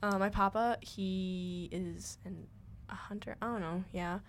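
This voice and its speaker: A woman's voice: medium pitch, fairly even intonation, measured pace, slight background noise. Teenage girl, from Minnesota, radio co-host, giggly, rambling chatter full of fillers. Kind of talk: casual radio chat. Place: radio studio.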